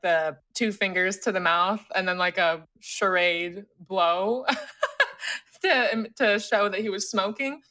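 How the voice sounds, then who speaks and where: A woman co-hosting a podcast, telling travel stories in casual chat and often laughing. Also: medium pitch. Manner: animated, laughs often, acts out voices in anecdotes. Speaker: podcast co-host.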